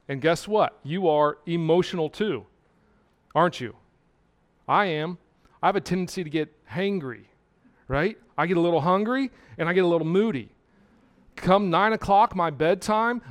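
A pastor in the pulpit, a man whose voice sits high for a man. He preaches with repeated key words and moves between hushed asides and forceful, emphatic lines. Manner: emphatic preaching that swings from quiet to loud. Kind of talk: sermon.

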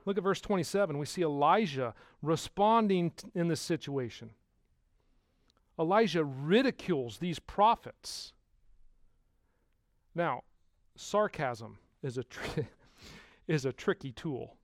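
A man preaching a sermon as pastor, putting rhetorical questions to the congregation and swinging from hushed to loud. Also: fairly high pitch, expressive, takes it slowly, long pauses, no echo, studio quality.

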